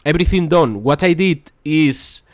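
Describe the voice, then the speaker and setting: A man's voice: a little high, expressive, moderate pace, dry recording. Rambling young gamer man, dry close mic. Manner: rambling, repeats "boys" and "that's crazy", frustrated asides. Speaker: gaming video host. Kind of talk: casual gameplay commentary.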